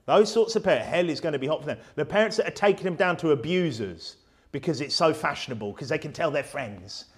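A man's voice: on the high side, lively intonation, quick pace. A man preaching a sermon in a church, emphatic and fiery, firing off rhetorical questions.

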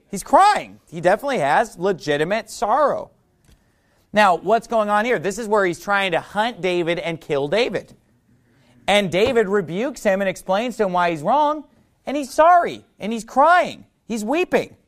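A male preacher teaching from the Bible in a sermon, reading scripture aloud and asking the audience questions. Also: high-pitched.

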